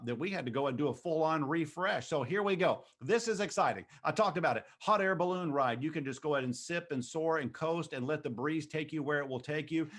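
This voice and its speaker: A man running a live online charity auction, hyping bidders and rattling off a quick auctioneer's chant. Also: a little high, fairly bright tone.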